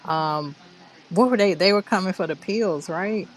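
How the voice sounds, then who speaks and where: A woman's voice: lowish voice, measured pace. Chatty woman co-hosting a film podcast. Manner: chatty, animated retelling with laughs. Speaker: movie review podcast co-host. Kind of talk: casual chat.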